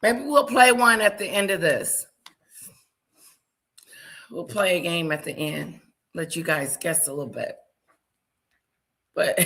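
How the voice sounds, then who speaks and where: A woman's voice: on the low side, slow pace, pauses often, a bit bright. A woman casually commenting on a video she is watching, with gossipy, teasing asides.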